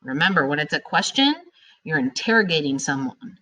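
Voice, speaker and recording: Lively teacher woman, animated delivery. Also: sits low, a little fast. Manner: animated and emphatic, stretching words for students. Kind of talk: recorded grammar lesson for students.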